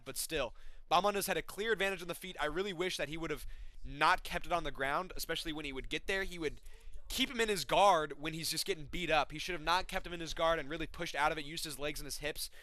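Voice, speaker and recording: Bright-voiced man ranting about fights. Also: fairly high pitch, fairly quick, dry recording. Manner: blunt and profane, ranting. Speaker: fight recap host. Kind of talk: casual fight recap vlog.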